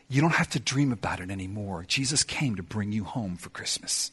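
A middle-aged man preaching a sermon in a church, emphatic, swinging between loud declarations and soft, confiding asides. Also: fairly low pitch, animated, fast talker, few pauses, slightly rough. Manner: sings song lyrics in snatches. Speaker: pastor.

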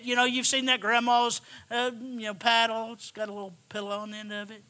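A man preaching a sermon, emphatic and repetitive, swinging from hushed asides to shouted lines. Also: extremely high pitch, little pitch movement, a little fast, hardly any pauses.

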